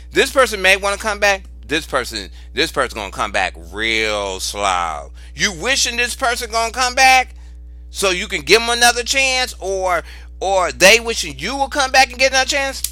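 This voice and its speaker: Man, tarot reader, casual vlog, fairly high lively voice, dry sound, faint music behind. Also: unhurried, no room sound. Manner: animated, exclaims and repeats phrases for emphasis; informal, cusses freely.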